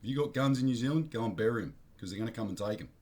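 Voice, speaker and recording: A man's voice: on the low side, racing, darkish tone. An Australian man vlogging his blunt opinions in a rambling, slangy monologue, often correcting himself mid-sentence.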